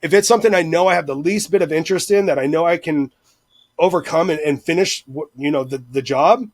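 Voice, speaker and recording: Profane, rambling man, slightly high voice. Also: brisk, dry recording. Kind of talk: casual podcast chat.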